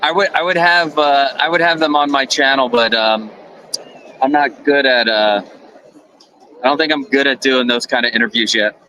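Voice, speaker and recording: A man co-hosting a casual live stream. He talks in a mid pitch with a bright tone, stumbling and restarting as he goes. There is faint noise under his voice. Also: normal speed, low-quality recording. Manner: easygoing, a little hesitant, stumbles and restarts.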